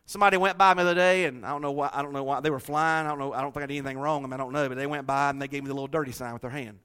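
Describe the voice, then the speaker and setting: A middle-aged man preaching a sermon, telling folksy stories in an animated way and laughing often. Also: medium pitch, racing, smooth.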